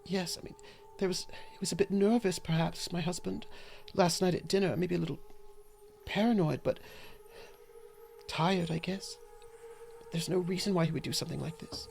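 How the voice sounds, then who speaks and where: A man's voice: sits high, steady tone, creaky, a little mellow, faint music behind, pitched above the performer's own voice. A man playing a worn-out grieving widow. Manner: shaky, hurried, bewildered. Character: grieving, exhausted blacksmith's widow.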